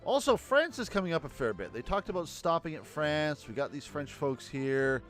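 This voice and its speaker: A man's voice: a little high, sing-song, moderate pace, a bit bright, soft background music. A man streaming a video game, giving wry, joking commentary between character voices. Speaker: let's play streamer.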